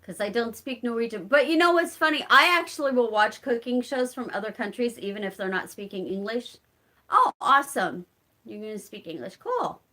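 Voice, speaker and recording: A woman's voice: on the high side, lively intonation, fairly quick, sharp tone. A woman with a Southern Illinois accent hosting a casual live-stream chat, answering viewers by name and laughing often. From Southern Illinois, rural community. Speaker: channel host reading live chat.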